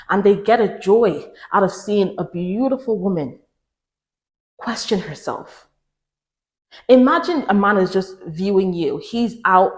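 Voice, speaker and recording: A woman giving relationship advice to the camera in an emphatic, preachy way, repeating lines for stress. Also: roomy sound. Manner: mimics others in raised pitch. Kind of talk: direct-to-camera advice talk.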